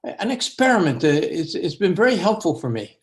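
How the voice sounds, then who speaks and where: A man's voice: sits high, very animated, moderate pace. A merry, light-hearted older Zen teacher speaks in a raised, lifted voice full of delight, as a man puts him on in a retelling. He is playful and curious, and his lines bounce upward with glee.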